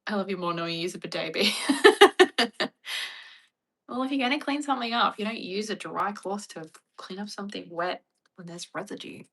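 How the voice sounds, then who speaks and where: A woman's voice: mid-range voice, fast, a bit bright. A young Australian woman chatting casually on a livestream with a wry, chatty manner. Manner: chatty, wry, mock-dramatic impressions.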